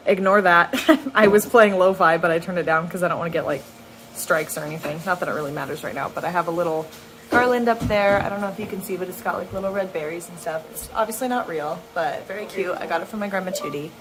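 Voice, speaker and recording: A woman's voice: lowish voice, quick pace, background noise. A young woman in her twenties telling a story to camera at home, chatty, laughing often and full of ums and likes, filmed on a handheld camera. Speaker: vlogger. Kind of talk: casual vlog storytelling. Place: at home indoors. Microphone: handheld camera on a gimbal.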